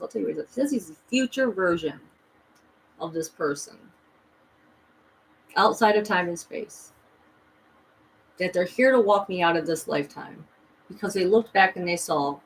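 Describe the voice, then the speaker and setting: A woman's voice: fairly low pitch, lively intonation, normal speed, vocal fry, long pauses, slight background noise, rough recording. A woman vlogging a rambling, emphatic personal story, full of restarts and voices she quotes. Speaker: spiritual vlogger.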